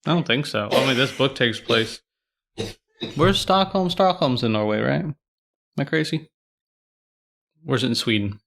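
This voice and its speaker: Guy on a library book podcast, bright voice, rambly, lots of um and like. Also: mid-range voice, expressive, moderate pace, gravelly, pauses often. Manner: rambling, filler-heavy retelling. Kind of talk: casual book chat.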